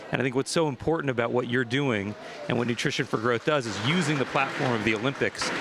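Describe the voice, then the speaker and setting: A man's voice: medium pitch, vocal fry, a bit bright. A man moderating a panel, closing it with appreciative remarks.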